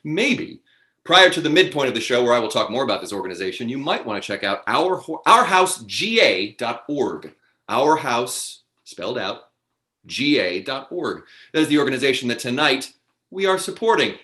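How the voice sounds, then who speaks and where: A man's voice: medium pitch, sing-song, moderate pace, bright, forceful tone, reverberant. A man hosting a live online improv comedy show, announcing the cast and rules with upbeat, theatrical patter over a video call.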